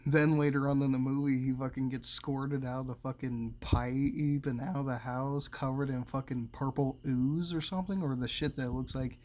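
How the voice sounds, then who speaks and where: A man's voice: mid-range voice, a little mellow. A man casually recapping a movie, swearing constantly, meandering through his thoughts and laughing often. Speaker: movie commentator.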